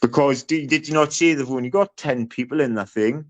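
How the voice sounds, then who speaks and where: On a livestream panel, a man speaks bluntly at a fairly quick clip with a medium-pitched voice, swearing and restarting his sentences. It's a heated argument, and the stream audio is muffled and lo-fi.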